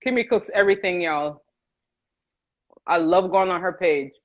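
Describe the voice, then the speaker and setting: A Jamaican woman with a Jamaican accent hosts a cooking livestream, chatting casually, laughing, and greeting viewers by name as she cooks. Her voice sits on the low side at a moderate pace, and the livestream audio is dull and lo-fi.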